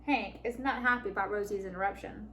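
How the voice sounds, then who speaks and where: A woman reading a picture book aloud to children at a library storytime, warm and animated. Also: medium pitch, fast talker, slight background noise. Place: public library.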